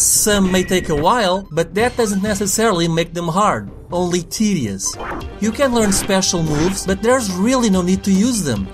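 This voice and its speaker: Reviewer voice-over: young man, blunt and snarky, higher-pitched delivery, swears for punch. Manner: sarcastic, blunt, swears for emphasis. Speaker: retro game reviewer. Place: voice-over over game footage.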